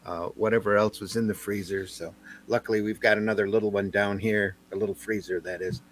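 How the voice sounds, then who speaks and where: A man's voice: on the low side, level tone, brisk. A man on a casual podcast panel, telling stories in a wry, matter-of-fact way with a slight lisp. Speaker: panelist, comic book artist.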